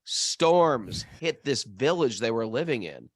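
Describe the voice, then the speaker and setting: An animated man spins a story in casual conversation. His pitch leaps up and down as he acts out the characters. The sound is dry and close. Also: slow, no echo. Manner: animated storyteller, acts out voices in high falsetto. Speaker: podcast co-host.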